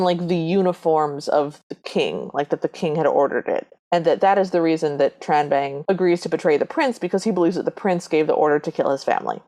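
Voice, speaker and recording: A woman's voice: low voice, warm tone. A woman co-hosting a podcast, speculating about the plot and recounting scenes in casual, chatty talk to listeners. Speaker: podcast co-host. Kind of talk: casual chat recapping a movie.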